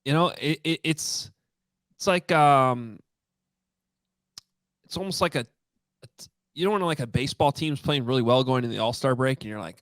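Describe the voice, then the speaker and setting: A man's voice: medium pitch, moderate pace, long pauses, fairly bright tone, no echo, clean studio sound. A man co-hosting a sports podcast in casual, chatty talk, often restarting his sentences. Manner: chatty, many restarts and fillers. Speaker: podcast co-host.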